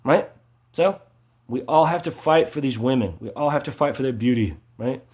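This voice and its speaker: A man delivering an agitated, repetitive monologue, ending his sentences with "right?" and swinging between loud emphasis and low mutters. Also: normal speed. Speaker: vlogger. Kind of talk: ranting monologue to camera.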